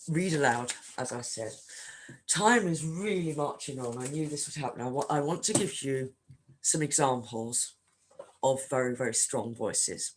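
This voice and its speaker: A woman's voice: a bass voice, a little hiss or hum. A woman leading a writing workshop, talking conversationally with frequent filler ums. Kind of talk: online workshop talk.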